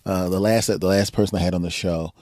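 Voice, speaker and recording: A man's voice: low voice, fairly even intonation, quick pace, darkish tone, dry recording. A man hosting a podcast in casual chat, rambling and laughing often as he acts out quoted voices. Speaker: podcast host.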